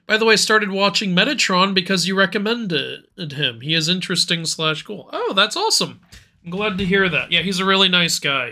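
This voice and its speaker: A man's voice: fairly high pitch, pushed and bright. A man in his late twenties co-hosting a livestream, reading out chat messages and laughing often. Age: late 20s. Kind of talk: casual stream chat.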